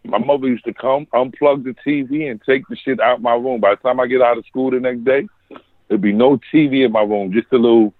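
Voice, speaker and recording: A man's voice: mid-range voice, fairly even intonation, a little fast, dry recording. A man from Harlem with a New York accent, chatting casually and telling stories in slang. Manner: laid-back, slangy storytelling. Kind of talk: casual chat. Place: home basement. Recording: tinny phone-like line.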